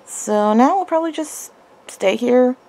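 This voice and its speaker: A woman's voice: high-pitched, animated, unhurried, dark tone. A young woman vlogging casually, giving her dog short firm commands and sing-song praise.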